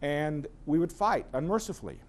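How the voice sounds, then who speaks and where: Animated middle-aged male lecturer, high voice. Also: normal speed. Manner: animated storyteller who acts out voices. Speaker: seminar speaker. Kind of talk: lively personal-growth lecture.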